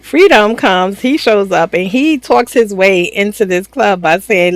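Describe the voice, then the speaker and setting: A woman's voice: medium pitch, expressive, normal speed, no room sound, poor audio. A woman giving a chatty, slangy, casual recap of a reality show, laughing often. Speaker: reaction channel host.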